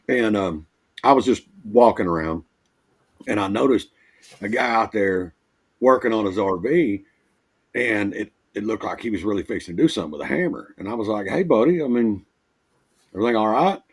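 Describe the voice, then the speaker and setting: A man's voice: fairly low pitch, lively intonation, moderate pace, slightly rough. A man working as a mobile RV technician, telling folksy repair stories in casual conversation over a livestream call. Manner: easygoing, folksy anecdotes. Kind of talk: casual storytelling.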